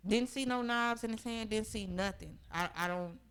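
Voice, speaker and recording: A woman's voice: a little high, normal speed, fairly bright tone, clear, resonant tone. A young woman, a podcast guest, earnestly recounting a personal story in conversation and often checking in with her listeners.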